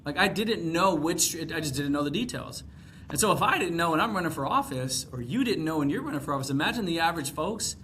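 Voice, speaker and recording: A man's voice: a little high, expressive, fast talker, a bit bright, slight background noise. A man from Texas, a congressional candidate, talking in a casual podcast conversation, rambling with frequent fillers and restarts.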